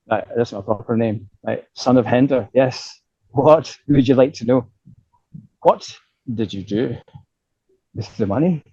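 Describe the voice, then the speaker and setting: A middle-aged Scottish man with a husky, mellow voice tells animated stories in a casual interview. He swears freely and keeps checking in with "right?". The recording is dull and lo-fi. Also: mid-range voice, no room sound. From Scotland. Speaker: guest.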